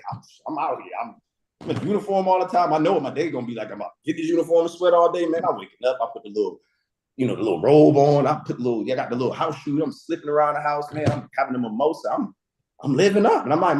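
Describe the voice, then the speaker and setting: A man in his forties, a guest speaker, telling lively stories with casual slang and acted-out quotes. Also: mid-range voice, quick pace, reverberant, poor audio. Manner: storytelling with slang, acts out quotes. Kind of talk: animated motivational talk.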